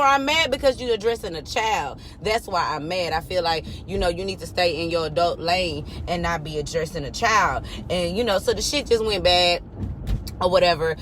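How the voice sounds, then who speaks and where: A woman's voice: lowish voice, moderate pace, fairly bright tone. A woman, telling a blunt, profane story in a parked car. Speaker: vlogger. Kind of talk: casual storytelling rant. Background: faint car noise.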